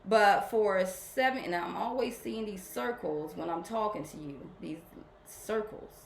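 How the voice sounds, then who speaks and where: A woman hosting a spiritual program, talking casually and warmly to her followers, often repeating herself as she rambles. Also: medium pitch, measured pace, gravelly, echoey room, slight background noise.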